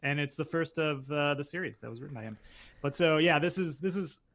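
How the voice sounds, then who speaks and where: A man's voice: on the high side, a little fast, fairly bright tone. A man co-hosting a podcast over a video call, recapping an episode in a dry, matter-of-fact way. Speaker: podcast co-host. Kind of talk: casual chat, recapping an episode.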